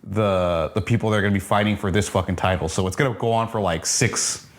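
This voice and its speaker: Laid-back man with a lowish voice. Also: quick pace. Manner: laid-back, profane, pitching ideas. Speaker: podcast co-host. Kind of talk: casual wrestling review chat.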